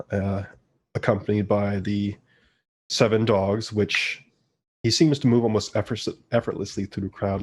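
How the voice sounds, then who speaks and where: A man narrating as game master in a tabletop game, in relaxed, halting speech. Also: lowish voice, slightly rough.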